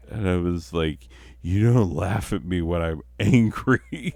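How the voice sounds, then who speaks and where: A man's voice: low-pitched, slow pace, vocal fry, a little mellow, dry recording. A middle-aged man and father, telling a story in a casual, profane, self-mocking way and laughing often. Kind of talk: casual storytelling while playing a game.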